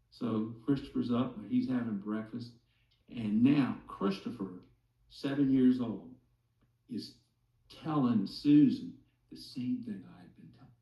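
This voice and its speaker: A man slowly telling a personal story to a group, pausing often to check in with "okay?". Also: medium pitch, mellow, reverberant, far from the mic, poor audio. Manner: slow, deliberate, many "okay?" asides. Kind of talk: slow storytelling testimony.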